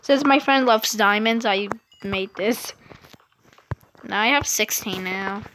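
A woman casually narrating her own video game play, chatty and excitable, rambling with lots of fillers, recorded at home. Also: medium pitch, slow, slight background noise. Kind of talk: casual gameplay commentary.

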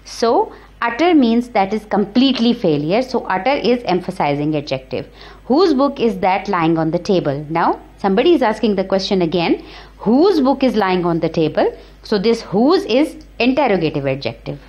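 A woman teacher giving a grammar lecture, explaining each example slowly and repeating it. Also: mid-range voice, big pitch swings, a little mellow. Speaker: English teacher. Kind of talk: recorded classroom grammar lecture. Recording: slightly dull lo-fi recording.

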